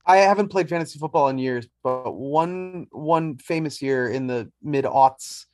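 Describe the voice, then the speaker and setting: A man hosting a sports podcast in loose, chatty conversation. His voice sits fairly high for a man and sounds dry and close, with no room echo. He is wry and pokes fun at himself. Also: measured pace, a little mellow. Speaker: podcast host. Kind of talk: casual sports podcast chat.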